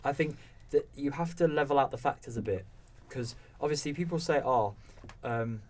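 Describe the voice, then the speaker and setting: A man's voice: fairly high pitch, fairly quick, darkish tone, far from the mic. Young man, hesitant then opinionated. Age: young adult. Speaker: podcast co-host. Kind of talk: casual football chat.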